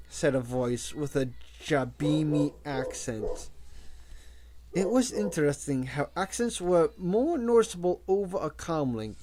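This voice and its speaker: Slow, expressive male audiobook reader. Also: a little high, background noise. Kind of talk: audiobook reading.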